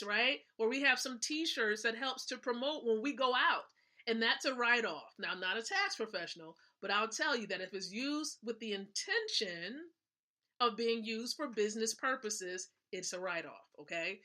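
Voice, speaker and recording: A livestream host gives an emphatic motivational business talk, repeating her points and checking in with her listeners. Her voice is fairly high, bright and forceful.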